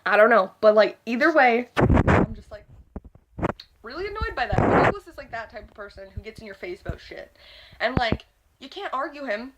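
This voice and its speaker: A young woman vents in a loose, swearing vlog rant, her voice sitting a little high for a woman. She rambles and circles back, peppering almost every phrase with "like". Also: sing-song, normal speed, very noisy. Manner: rambling and profane, constant filler "like". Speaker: vlogger. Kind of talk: casual ranting vlog monologue.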